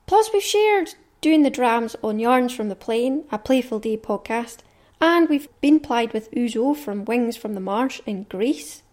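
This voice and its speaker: A woman's voice: on the high side, expressive, unhurried, a little mellow. A Scottish woman hosting a podcast, talking in a chatty, cheerful and enthusiastic way. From Scotland. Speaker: podcast host. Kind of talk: casual podcast chat.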